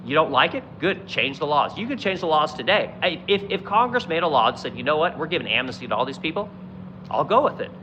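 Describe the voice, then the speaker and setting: A man's voice: a little high, very animated, quick pace, dull audio, background noise. A man hosting a political livestream, ranting in a profane, exasperated way and mocking politicians in quoted voices.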